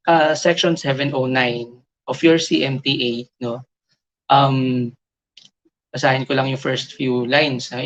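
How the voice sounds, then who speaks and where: A man with a Filipino accent giving a live online review lecture, explaining slowly, repeating key points and switching between English and Filipino. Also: mid-range voice, fairly bright tone, low-quality recording. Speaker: tutor for licensure exam review. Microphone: video call.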